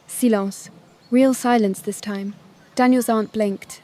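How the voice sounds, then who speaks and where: A woman narrating a first-person family drama story in a calm, measured voice. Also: fairly high pitch.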